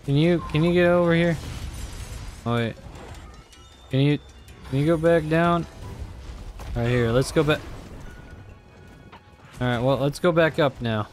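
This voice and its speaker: A man's voice: a little high, a little slow, pauses often, faint music behind. Swearing young man reacting to gameplay. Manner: exasperated, swears a lot, talks to himself. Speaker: gamer. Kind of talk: live gameplay commentary.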